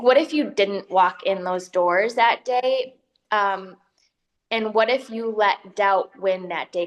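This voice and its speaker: Woman co-host, mid-range voice, earnest and probing interviewer. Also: medium pitch. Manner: earnest, probing, reflective questions. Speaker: podcast co-host. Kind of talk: interview questions.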